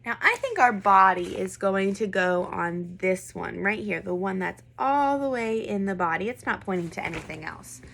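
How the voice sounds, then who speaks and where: A woman's voice: mid-range voice, lively intonation, normal speed, gravelly, few pauses, fairly bright tone, slight background noise. A woman teaching a first grade video lesson, patiently asking questions and having children repeat words after her. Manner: patient, encouraging, asks questions and has kids repeat. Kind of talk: online classroom lesson.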